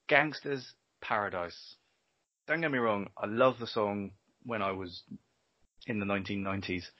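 A man's voice: on the low side, unhurried, long pauses, no room sound. A man co-hosting a casual podcast, sarcastic and sweary, often breaking into laughter. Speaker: podcast co-host. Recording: dull lo-fi dry recording.

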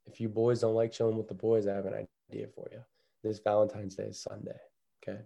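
Podcast co-host, male, gravelly and mellow-toned, rambling banter. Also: fairly low pitch, level tone, fast. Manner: jokey, rambling, drops to a hush. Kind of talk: casual sports podcast banter.

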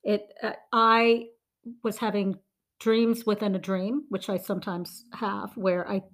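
A woman's voice: mid-range voice, flat delivery, a little slow. A woman in her forties, a podcast co-host, telling a vivid dream story in casual chat, with frequent ums and restarts.

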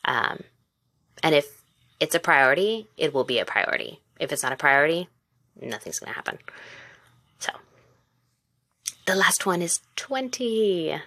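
Her deep voice swings widely in pitch, unhurried and broken by long pauses, with a pushed, bright quality and no room sound. She's a mother and former teacher in her twenties, hosting a casual solo podcast and encouraging the listener candidly.

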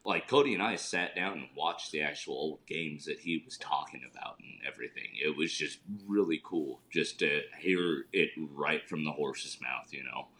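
A man's voice: very deep voice, moderate pace, hardly any pauses, pushed and bright. A man in casual podcast chat, rambling and filling his sentences with "like". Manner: rambling, heavy use of "like". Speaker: podcast co-host.

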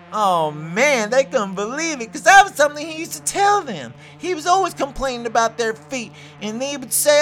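A man's voice: very high-pitched, very animated, moderate pace, few pauses, a bit bright, soft background music. A man giving a rambling, boastful comic monologue as a self-proclaimed prophet.

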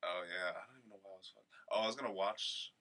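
Low bright-voiced man, joking banter. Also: rapid-fire. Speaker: podcast co-host. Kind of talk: casual chat.

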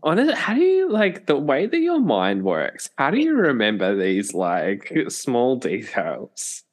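A man's voice: medium pitch, huge pitch swings, unhurried. A man co-hosting a podcast, chatting casually and dropping dry, wry remarks. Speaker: podcast co-host. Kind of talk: casual chat.

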